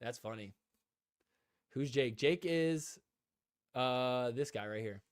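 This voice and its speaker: A man's voice: mid-range voice, slow pace, clear, resonant tone, dry recording, clean studio sound. A man hosting a casual live stream, rambling with lots of "like" and talking to viewers in the chat. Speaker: podcast host.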